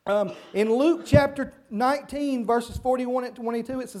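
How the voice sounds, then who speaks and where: A man giving a children's sermon, asking the kids simple questions and hushing them as he goes. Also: very high-pitched, normal speed, few pauses. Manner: hushes and redirects children mid-talk. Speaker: children's church leader.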